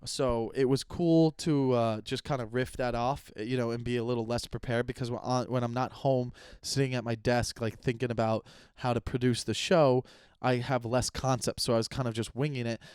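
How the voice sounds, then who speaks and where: A man's voice: medium pitch, fairly even intonation, normal speed, darkish tone, smooth, dry recording, clean studio sound. A young man hosting his own podcast, rambling casually with self-mocking humor and frequent cursing. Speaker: podcast host and comedian. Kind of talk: casual solo podcast monologue.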